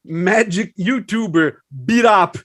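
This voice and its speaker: A man's voice: high-pitched, takes it slowly, fairly bright tone, dry recording. Stammering man in a dry podcast chat. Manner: stammering starts, repeats words.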